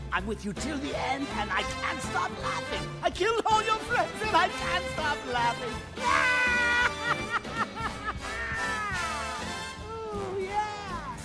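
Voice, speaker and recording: A murderous male clown villain, gleeful and menacing. His gravelly voice lurches up and down in slow sing-song taunts. Loud soundtrack music plays behind him. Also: extremely high pitch, exaggerated voice. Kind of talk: video game song performance. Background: game soundtrack music.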